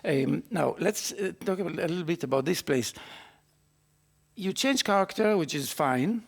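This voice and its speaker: Man, trumpet teacher, raspy, slightly high voice, music in background. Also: animated. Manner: sings phrases on syllables to demonstrate; encouraging, halting with restarts. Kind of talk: master class coaching. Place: recording studio. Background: trumpet playing.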